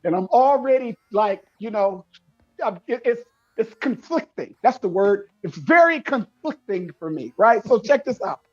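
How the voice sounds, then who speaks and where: A man telling a story in casual chat, animated and acting out the people in it. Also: high-pitched, normal speed, dull audio. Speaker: show co-host.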